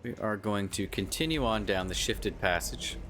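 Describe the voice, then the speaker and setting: Low-voiced man musing while gaming. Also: lively intonation, normal speed, noisy background. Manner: musing, casual, swears freely. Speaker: gaming streamer. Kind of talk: casual gameplay commentary.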